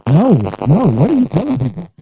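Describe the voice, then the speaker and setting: A man's voice: high voice, sing-song, fairly quick, creaky, dry recording, muffled recording. A man, the host's nephew, bantering with dry joking pushback on a cooking show. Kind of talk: casual banter.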